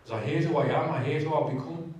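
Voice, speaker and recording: A man's voice: a little high, quick pace, a little mellow. A man giving a candid, conversational personal testimony with humour in a large church hall. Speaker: guest speaker giving testimony. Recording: very echoey hall, distant mic.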